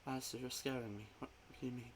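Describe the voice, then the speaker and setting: A man voicing a young woman just woken from a nap, halting and stammering as she questions a friend in a tabletop role-play. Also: mid-range voice, expressive, fairly bright tone, slight background noise, pitched above the performer's own voice. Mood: frightened. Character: young woman roused from a nap, gentle and shaken.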